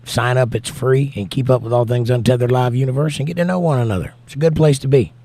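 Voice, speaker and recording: A man's voice: mid-range voice, fairly even intonation, quick pace, no room sound. A man with a Southern US accent, hosting a casual livestream and reading chat messages aloud. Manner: reads chat messages aloud and answers them warmly. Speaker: livestream host and singer. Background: guitar playing.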